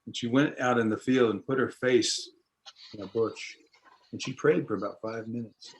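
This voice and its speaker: A man telling an old story in an interview, unhurried and folksy, lightly acting out the voices of its people. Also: medium pitch, steady tone, low-quality recording. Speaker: storyteller and musician.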